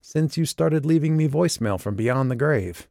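A man voicing a grieving, sharp-tongued young woman. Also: lively intonation, normal speed, gravelly, no echo, clean studio sound. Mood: grieving, bitter. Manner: raised pitch, tearful and bitter.

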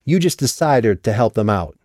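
A man reading an audiobook and voicing a sharp, sardonic woman who has been drinking. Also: medium pitch, sing-song, normal speed, dry recording, studio quality, natural voice. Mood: curt.

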